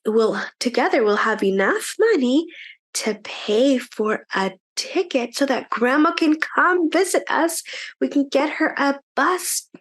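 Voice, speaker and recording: A woman voicing two excited young sisters in a children's story, talking in an eager, breathless rush. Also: high voice, measured pace, pitched above the performer's own voice.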